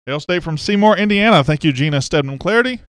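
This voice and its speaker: A man from Mississippi hosts a casual sports livestream using a webcam setup, chatting and reading out viewer comments as a sports podcast host. His fairly high voice is expressive and fast, fairly bright, clear and resonant.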